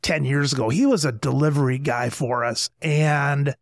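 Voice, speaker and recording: A man's voice: mid-range voice, steady tone, normal speed, vocal fry, no room sound, clean studio sound. A man hosting a podcast interview, telling a candid story from his own work life.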